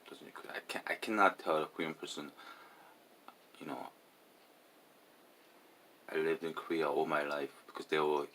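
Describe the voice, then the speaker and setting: A tipsy man rambling in a casual monologue, halting and repeating his words, swinging between loud bursts and mumbles. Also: rumbling low, fairly even intonation, slight background noise. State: tipsy after drinking.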